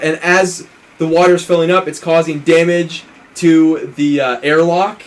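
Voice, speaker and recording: Man, let's play host, casual movie recap, slightly high voice, acts out quotes. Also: normal speed. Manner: animated storytelling, acting out quotes, swearing, laughing.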